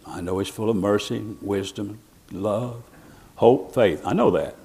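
A man's voice: on the low side, unhurried, mellow. A man preaching a sermon in an earnest, reflective way, with restarts and rising bursts of emphasis.

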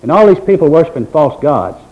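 A man preaching a sermon in a folksy, dramatic manner, with mocking asides in a quiet voice. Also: a little high, big pitch swings, a little fast. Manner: folksy Southern-style preaching with dramatic swings in volume. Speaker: pastor. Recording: dull lo-fi recording.

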